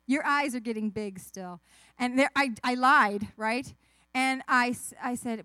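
Woman doing a kids' sermon, animated storytelling, kinda high voice, dry close sound. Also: normal speed, dry recording. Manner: animated, asks the kids questions, acts out voices. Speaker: children's message speaker.

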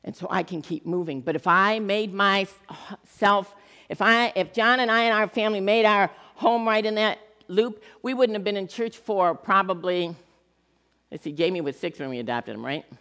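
A woman's voice: medium pitch, moderate pace. Woman, middle-aged, pastor, conversational sermon, humorous, long church reverb. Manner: conversational, animated preaching with humor.

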